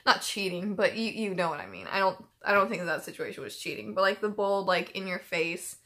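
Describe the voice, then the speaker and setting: A woman's voice: on the low side, big pitch swings, fairly quick, bright, forceful tone. A woman hosting a reaction channel, chatting casually and emotionally, with lots of filler words and restarts. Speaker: YouTube reaction channel host. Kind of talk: casual chat.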